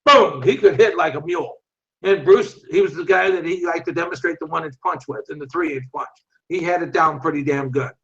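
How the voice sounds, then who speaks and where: A man's voice: a little high, brisk, a bit bright. A man in his sixties, an interview guest and martial arts instructor, telling stories bluntly with a lot of profanity. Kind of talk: storytelling in an interview. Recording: dull lo-fi audio.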